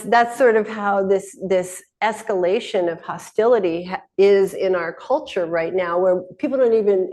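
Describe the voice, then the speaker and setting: A woman's voice: on the low side, a little mellow. A middle-aged woman hosting a casual spoken teaching talk, rambling along with frequent restarts and laughs. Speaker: host.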